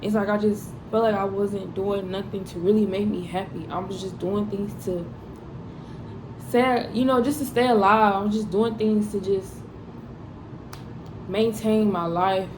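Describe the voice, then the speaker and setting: A woman's voice: medium pitch, steady tone, a little slow, background noise. A young woman vlogger talking candidly and emotionally about burnout, rambling with lots of fillers in a confessional way. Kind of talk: candid personal talk to camera.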